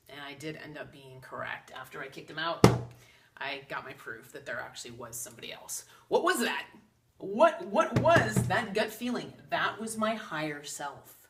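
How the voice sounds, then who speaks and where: A woman's voice: deep voice, animated, normal speed, noisy background. A woman casually talking to camera about spiritual ideas in an earnest, chatty way, slipping into quoted asides. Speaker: psychic channel host. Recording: roomy echo, from a distance.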